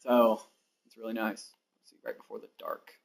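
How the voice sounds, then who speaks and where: A man's voice: lowish voice, sing-song, normal speed, gravelly. A young American man in his twenties chatting casually with viewers during a live game stream, rambling and talking straight to his audience. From United States. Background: faint background music.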